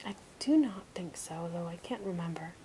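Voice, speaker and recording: A woman's voice: lowish voice, animated, normal speed, warm tone, a little hiss or hum, natural voice, poor audio. A woman voicing a drowsy, wry young woman, as whispered role-play. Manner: sleepy, wry.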